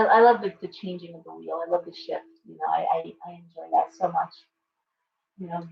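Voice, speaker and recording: Chatty woman in a roomy, lo-fi room. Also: mid-range voice. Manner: rambling, chatty, greets viewers by name. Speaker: shop owner and live show host. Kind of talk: casual live-stream chat. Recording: roomy, distant, dull lo-fi sound with faint hum.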